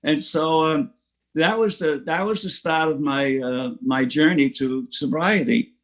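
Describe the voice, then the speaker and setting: A man's voice: on the high side, measured pace. An older man sharing his recovery story at an online meeting, plain-spoken and chuckling, with frequent restarts. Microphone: online meeting from home.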